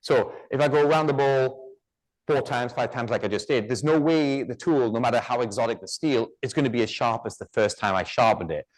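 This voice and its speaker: A man's voice: medium pitch, a little fast. A man giving a live woodturning demonstration, chatty and joking, with rambling asides.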